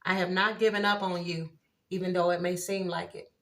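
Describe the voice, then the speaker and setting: A woman's voice: on the low side, a little fast, slight background noise. A woman, giving a casual tarot reading to viewers, exclaiming at the cards as she turns them. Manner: excitable, exclaims at cards, laughs often. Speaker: tarot reader.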